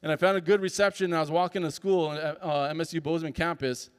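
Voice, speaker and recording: Animated high-voiced man in a reverberant hall. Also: fast, clear, resonant tone. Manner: animated, acts out dialogue in the story. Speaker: speaker at a summit. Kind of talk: personal storytelling talk. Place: conference hall.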